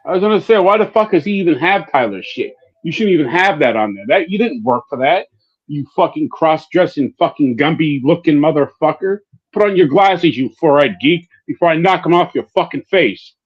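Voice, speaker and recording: A man fires off profane taunts and threats in a somewhat high voice. His audio is dull and lo-fi, like a cheap stream mic. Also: lively intonation, brisk, breathy edge. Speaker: co-host. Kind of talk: heated trash talk on a livestream.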